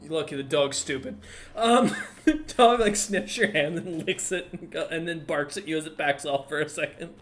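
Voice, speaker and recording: Male game master, fairly high voice, halting and filler-heavy narration. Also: fairly bright tone, a little hiss or hum. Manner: halting, full of ums and uhs.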